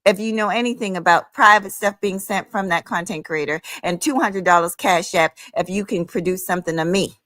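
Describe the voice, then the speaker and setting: A woman's voice: lowish voice, a little fast, few pauses, fairly bright tone, dry recording. A woman hosting her own livestream, ranting heatedly in a sassy, profane, scolding way, calling listeners honey and child. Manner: emphatic, with frequent "honey" and "child". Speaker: livestream host.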